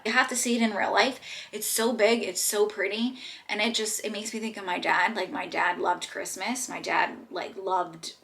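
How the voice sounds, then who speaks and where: A woman's voice: mid-range voice, gravelly, bright, forceful tone. A woman vlogging at home, chatty and rambling as she talks about her week, and emotional as she goes. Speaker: lifestyle vlogger. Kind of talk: casual vlog chat.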